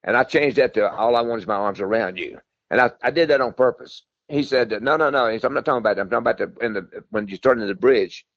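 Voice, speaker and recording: An older man tells his stories at a fast clip, folksy and rambling, often circling back to repeat himself. The sound is dry and a little dull, with no room around it. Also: mid-range voice, a bit bright, no echo. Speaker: guest, country singer. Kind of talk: storytelling interview.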